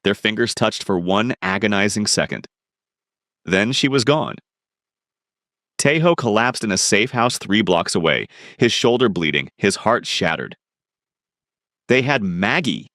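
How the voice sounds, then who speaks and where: A man's voice: lowish voice, expressive, a little slow, pauses often, fairly bright tone, no echo, clean studio sound. A man narrating a dramatic crime romance story.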